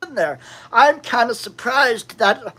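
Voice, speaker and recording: A woman's voice: on the high side, lively intonation, slow, a bit bright, poor audio. A woman giving a crude, rambling comic monologue, slipping into quoted voices.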